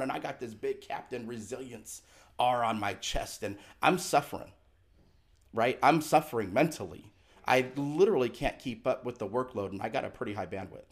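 A middle-aged man, a podcast guest, telling a personal story in an earnest, emphatic and candid way. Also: medium pitch. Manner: earnest and emphatic, acts out remembered dialogue; candid and confessional.

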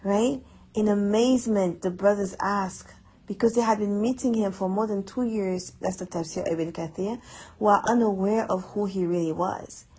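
A woman's voice: medium pitch, moderate pace, darkish tone, slightly rough, rough recording. A woman giving a conversational Quran reflection lesson, earnest and chatty, repeating words for emphasis. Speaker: Quran teacher.

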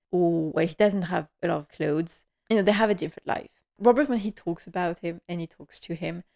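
Young woman doing a chatty show recap, gushy fan energy, mid-pitched voice. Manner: chatty and gushing, acts out quotes, laughs often. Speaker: TV series recap vlogger. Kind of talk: casual episode recap.

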